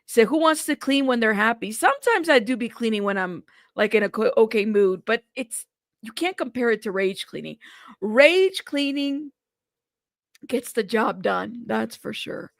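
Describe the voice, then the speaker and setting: A woman's voice: fairly high pitch, animated, normal speed, vocal fry, dry recording, studio quality. A woman hosting a casual livestream, greeting viewers by name and chatting with frequent laughs. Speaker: livestream news host. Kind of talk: casual live chat reading comments.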